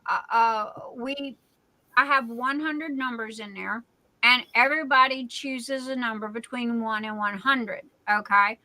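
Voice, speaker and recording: A woman hosts a livestream, greeting viewers and playing the class clown. Her voice is very bright and a little high, and she talks in an unhurried way. The recording is close and dry. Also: no room sound, rough recording. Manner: chatty and silly, self-described class clown. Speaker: livestream host. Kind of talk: casual live chat reading viewer comments.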